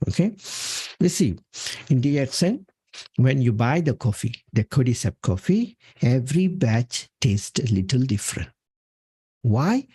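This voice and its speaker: A man's voice: mid-range voice, vocal fry, dark tone, breathy edge, no echo. A man presenting a health talk from slides, emphatic and punctuating his points with "okay". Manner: emphatic, repeats "okay" often. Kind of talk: talking through slides.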